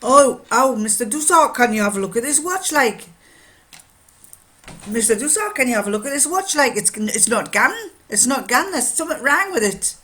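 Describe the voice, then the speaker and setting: A woman voicing a plain-spoken male coal miner with a Geordie accent, pleading in a hurried, worried way. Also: sits high, expressive, sharp tone, voice pushed up.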